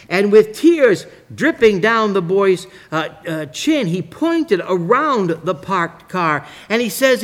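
A man's voice: sits high, very animated, slow, few pauses, fairly bright tone. A man preaching a sermon, telling a long illustrative story with dramatic rises and drops in his voice.

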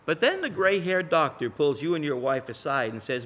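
Animated preacher man with a bright voice. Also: normal speed. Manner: dramatic storytelling, swinging from loud pleas to hushed lows. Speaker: pastor. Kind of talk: sermon.

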